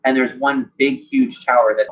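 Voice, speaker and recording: A man's voice: mid-range voice, steady tone, moderate pace. A man narrating a tabletop game as game master, rambling and full of "like" fillers. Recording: dull lo-fi sound, faint music.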